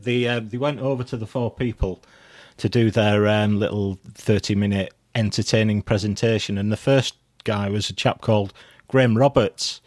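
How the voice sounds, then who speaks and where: Low-voiced man, dry rambling podcast chat. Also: a little mellow, no echo. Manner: dry, rambling, laughs at own jokes. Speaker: podcast co-host. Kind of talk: casual chat.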